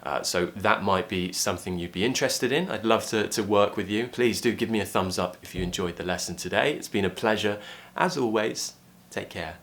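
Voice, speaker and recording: A man with a British RP accent teaching an online pronunciation lesson, clearly modelling vowel sounds. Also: on the low side, fairly quick, fairly bright tone. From Britain.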